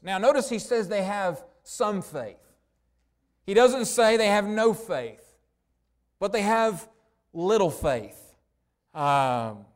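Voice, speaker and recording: A man preaching a sermon, earnest, slowing right down to stress key words. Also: high voice. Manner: earnest preaching, slows down for emphasis. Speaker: pastor.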